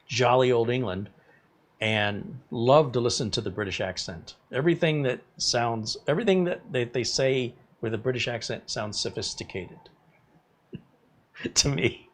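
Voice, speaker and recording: A man's voice: medium pitch, a bit bright. A man in his fifties hosting a live tech stream, chatting casually and rambling between topics while reading viewer comments. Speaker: tech YouTuber host.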